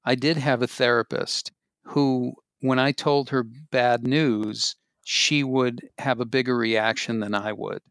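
A male actor in casual chat who tells stories in a halting, wry way. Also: medium pitch, steady tone, fairly bright tone, no echo, clean studio sound.

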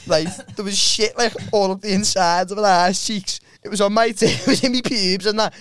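High-voiced crude male podcast host. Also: steady tone, brisk, a bit bright, smooth. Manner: rambling and crude, many restarts. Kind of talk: casual storytelling chat.

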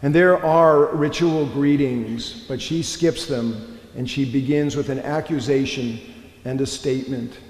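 A man preaching a sermon as pastor, telling a personal story in a slow, reflective way with long pauses. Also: medium pitch, a little mellow. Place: church. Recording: echoey church hall.

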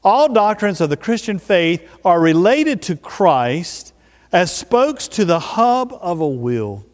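A man preaching a sermon as pastor, emphatic, with slow drawn-out stresses. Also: high-pitched, sing-song, in a large hall.

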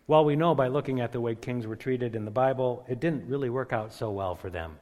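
Preacher man in an echoing hall. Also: mid-range voice. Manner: builds to loud emphatic peaks, slows on key phrases. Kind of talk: sermon. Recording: long echoing reverb of a large hall.

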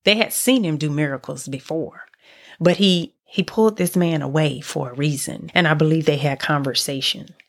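Woman podcast host, lower pitch, earnest devotional storyteller. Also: moderate pace. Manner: earnest, expressive storytelling with many restarts. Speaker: podcast host teaching on faith. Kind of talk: devotional teaching monologue.

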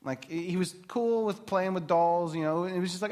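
His voice sits high and he talks briskly with few pauses. The man, a pastor in his thirties, keeps his sermon lively and conversational, full of offhand asides.

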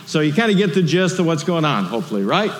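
A man preaching a sermon in a lively, conversational way, full of rhetorical questions. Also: fairly high pitch, fast, big-room sound, a little hiss or hum. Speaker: pastor.

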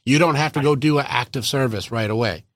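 A man's voice: mid-range voice, fast talker, fairly bright tone, a little hiss or hum. A man hosting a podcast interview, talking casually and animatedly, acting out little quoted exchanges in playful voices. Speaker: podcast host.

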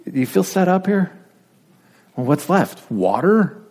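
Animated, husky-voiced male pastor. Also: high voice, a little slow. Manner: animated, playful, acts out whispered asides. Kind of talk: sermon.

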